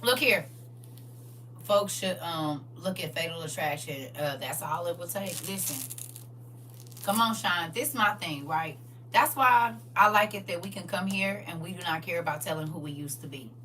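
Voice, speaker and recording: Woman livestream host with a bright, forward voice, preachy and chatty, mic set back with faint hiss. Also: fairly low pitch, moderate pace, recorded from a distance. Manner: lively, preachy, laughs often, answers viewers directly. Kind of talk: casual livestream chat reading viewer comments.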